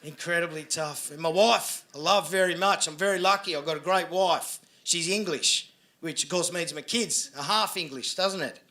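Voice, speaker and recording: Brash high-voiced Australian man on stage. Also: normal speed, pushed and bright. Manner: brash, swearing, asks the crowd for agreement. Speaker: stand-up comedian. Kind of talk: stand-up comedy set. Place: live comedy venue with audience. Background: audience laughter.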